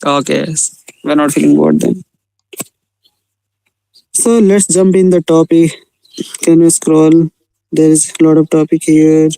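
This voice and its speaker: Smooth-voiced learner reading aloud haltingly. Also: male voice, on the high side, flat delivery, mellow, no echo, low-quality recording. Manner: reads haltingly, with non-native grammar. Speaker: student in an online class. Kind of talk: reading aloud and casual chat.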